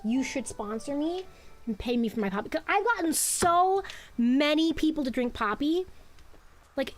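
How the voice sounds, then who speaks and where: High-voiced chatty woman streamer. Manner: chatty, playful, rambling. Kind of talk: live game-stream chat. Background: faint game music.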